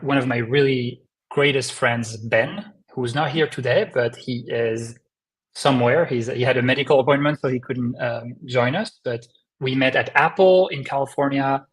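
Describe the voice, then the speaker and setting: Man with a French accent, easygoing live-stream guest on a video call, middle pitch. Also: rough recording. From France. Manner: relaxed, friendly, with restarts and ums. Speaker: company co-founder guest.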